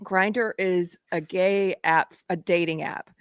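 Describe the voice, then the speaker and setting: A woman's voice: lowish voice, steady tone, takes it slowly, clean tone, no echo. A woman hosting a live online show, chatting casually and laughing often as she tells stories. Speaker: host. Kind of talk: casual live-stream chat.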